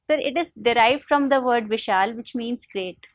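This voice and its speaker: Polite young Indian woman, higher voice. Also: normal speed, no room sound. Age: young adult. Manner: polite, addresses the panel as sir, frequent uh fillers. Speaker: interview candidate. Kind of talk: formal mock interview answers.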